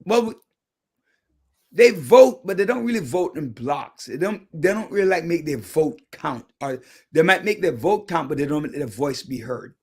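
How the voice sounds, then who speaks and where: A male radio host with a gravelly, crackly voice that sits a little high for a man. He talks casually and thinks out loud, tossing around opinions in a chatty way from the studio. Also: lively intonation, normal speed. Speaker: radio talk show host. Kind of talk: casual talk radio chat.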